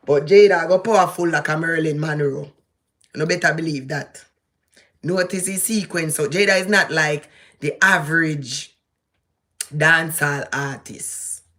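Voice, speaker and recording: A woman's voice: sits low, fairly bright tone. Woman, Jamaican accent, vlogger, casual commentary, preachy, emphatic, direct address.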